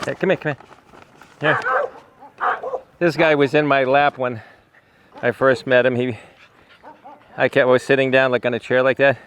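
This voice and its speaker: A man's voice: mid-range voice, steady tone, normal speed, pauses often, fairly bright tone. Older man coaxing dogs, noisy outdoors. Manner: affectionate, coaxing baby talk to animals. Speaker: animal rescuer. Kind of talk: casual talk to rescued dogs.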